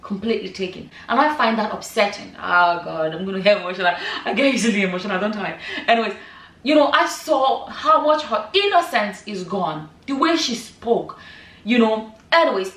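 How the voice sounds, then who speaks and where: A middle-aged woman talks straight to her viewers in an emphatic, conversational way, leaning on rhetorical questions. Her voice sits a little high for a woman. It sounds roomy and echoey, picked up from a little way off the mic. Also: animated, moderate pace, a bit bright. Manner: emphatic, rhetorical questions, many "you know" asides. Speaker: vlogger. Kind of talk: casual commentary vlog. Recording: echoey room, voice a bit far from the mic.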